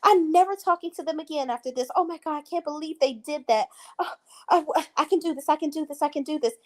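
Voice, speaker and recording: A woman's voice: high-pitched, fast, pitched above the performer's own voice, natural voice. Woman mocking a weepy, whiny young woman. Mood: distraught. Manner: breathless, repeating herself, whiny.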